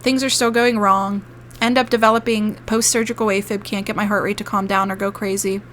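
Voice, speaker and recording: A woman's voice: mid-range voice, little pitch movement, fairly quick, a bit bright. Young adult woman, ASMR creator, casual storytime vlog: emotional, rambling, cursing, faint room noise.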